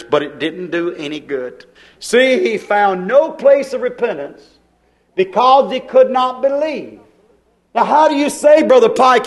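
A man preaching a sermon, telling the story in a folksy way and repeating key phrases. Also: high-pitched.

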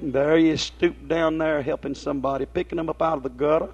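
A man's voice: on the high side, fairly even intonation, fast talker, a little mellow, husky. A man preaching a folksy sermon, telling homespun stories and asking his listeners rhetorical questions. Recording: dull lo-fi recording.

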